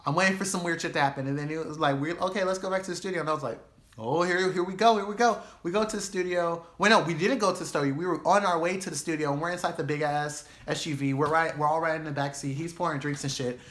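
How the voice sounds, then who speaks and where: Animated, profane young man telling a story. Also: fairly high pitch, quick pace, hardly any pauses. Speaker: vlogger. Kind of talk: storytime vlog.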